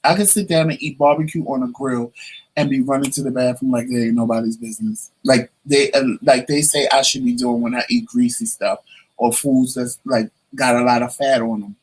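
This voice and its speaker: A man's voice: medium pitch, brisk, husky, low-quality recording. A man telling a personal story to the camera in a casual, chatty way, acting out the voices of the people in it. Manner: chatty, animated, acts out quoted voices. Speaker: vlogger.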